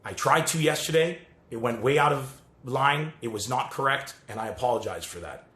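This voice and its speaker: A man's voice: mid-range voice, lively intonation, normal speed, fairly bright tone. Earnest apologetic man, roomy echo. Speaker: comedian. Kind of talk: casual apology video to followers.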